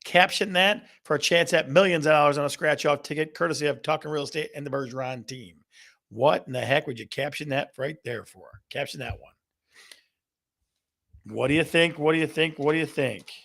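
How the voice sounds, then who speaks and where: A real estate show host talks in a slightly high, fairly quick voice that is gravelly and a bit bright. During his live stream he playfully quizzes viewers, repeating the questions and reading out the answers they send.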